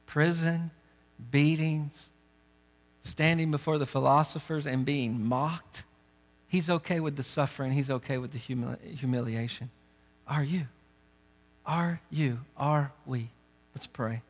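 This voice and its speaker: A man's voice: on the high side, a little slow, pauses often. Earnest man preaching in a hall. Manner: earnest, urgent preaching with direct questions to the congregation. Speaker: pastor. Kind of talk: sermon. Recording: long reverb of a big hall.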